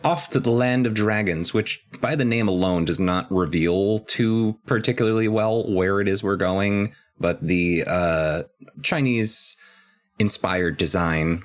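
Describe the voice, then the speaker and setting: Deep-voiced guy cohosting a game podcast, easygoing, hesitant, lots of uhs. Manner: chatty, hesitant with fillers and restarts. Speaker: podcast co-host. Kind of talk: casual chat recapping a game.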